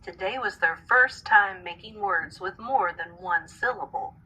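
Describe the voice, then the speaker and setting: Teacher lady reading a story out loud, slow, bright, kinda breathy. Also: medium pitch, low-quality recording. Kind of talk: reading a storybook aloud to a class.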